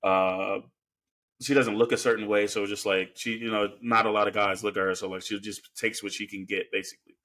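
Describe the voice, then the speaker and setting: A man's voice: on the low side, little pitch movement, a little fast, fairly bright tone. A man co-hosting a podcast, recapping a film in a rambling, casual way with lots of fillers. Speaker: podcast co-host. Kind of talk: casual film review chat.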